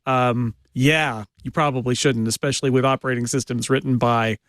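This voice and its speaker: Brief: man casual panelist, middle pitch, dry close sound. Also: fairly even intonation, fairly quick, fairly bright tone, dry recording. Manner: explanatory, casual with fillers.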